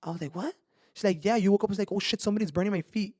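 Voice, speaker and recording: Brief: animated male podcaster, quick high voice, swears freely. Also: no room sound, clean studio sound. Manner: animated, swears a lot, mixes in Spanish slang. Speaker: podcast host. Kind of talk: casual storytelling chat.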